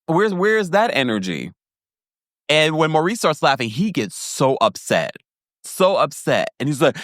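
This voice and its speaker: A man giving a casual, animated recap of a reality show, laughing often and acting out quotes in a higher voice. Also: unhurried, no room sound, clean studio sound. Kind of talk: casual commentary.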